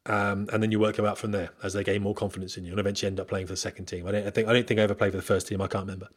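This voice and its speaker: A man's voice: fairly low pitch, little pitch movement, racing, slightly rough. A man speaking to viewers in a candid, rambling monologue with fillers and restarts, giving career advice as a former military pilot.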